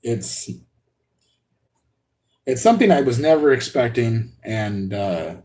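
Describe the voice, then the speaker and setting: A man hosting a live unboxing stream, talking excitedly and rambling with many restarts and laughs. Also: medium pitch, slow pace. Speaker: RC hobby channel host.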